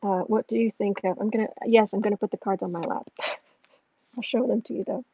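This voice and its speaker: A woman's voice: mid-range voice, steady tone, a little fast, gravelly, husky, no room sound, highs cut off. A woman reading astrology and tarot on a casual home livestream, musing and thinking aloud as she goes.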